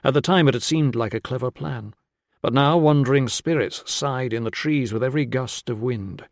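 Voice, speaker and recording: A man reading an audiobook in a measured, steady scripted narration. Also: mid-range voice, no echo, clean studio sound.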